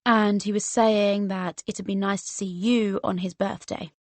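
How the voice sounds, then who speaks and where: A man's voice: high voice, level tone, a little slow, no room sound. A woman voicing a blunt, teasing teenage boy with a posh, sardonic edge. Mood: dry.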